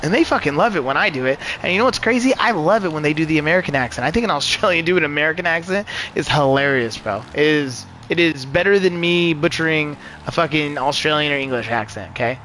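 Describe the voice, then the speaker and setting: A man streaming a racing game live, talking in a rambling, profane and excitable way. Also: a little high, fast talker, hardly any pauses, slight background noise, low-quality recording. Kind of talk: live gameplay commentary.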